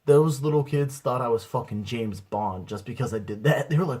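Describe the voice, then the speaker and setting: Laid-back slangy young man, husky voice. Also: medium pitch, animated, moderate pace, hardly any pauses, darkish tone. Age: young adult. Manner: laid-back, slangy and profane, acts out quotes. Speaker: aspiring comedian. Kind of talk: casual comic storytelling to camera.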